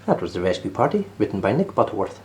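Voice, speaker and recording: A man narrating a children's picture book aloud in a gentle, expressive manner. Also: on the low side, quick pace, a little hiss or hum. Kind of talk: read-aloud storytelling.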